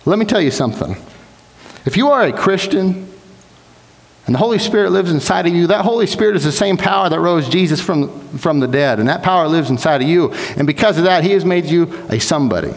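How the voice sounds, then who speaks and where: A man's voice: fairly high pitch, lively intonation, a little fast. Earnest young man preaching in a reverberant hall. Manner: earnest, exhorting, with repeated restarts. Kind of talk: sermon. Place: church sanctuary.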